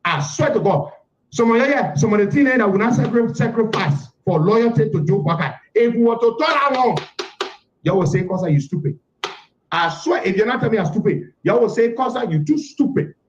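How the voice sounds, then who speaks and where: High-voiced man, fervent and repetitive. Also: fairly quick. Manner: repetitive, rhetorical questions, emphatic. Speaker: political figure. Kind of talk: impassioned public address. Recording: echoey, dull lo-fi clip.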